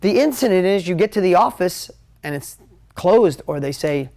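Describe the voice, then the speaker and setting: A man teaching a live motivational talk at a whiteboard, energetic, emotional and conversational. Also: high-pitched, moderate pace, creaky. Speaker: motivational business coach.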